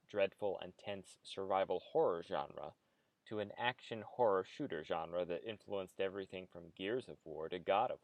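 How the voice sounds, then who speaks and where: Deep-voiced man narrating a video essay. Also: no room sound. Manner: measured, analytical delivery. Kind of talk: scripted narration.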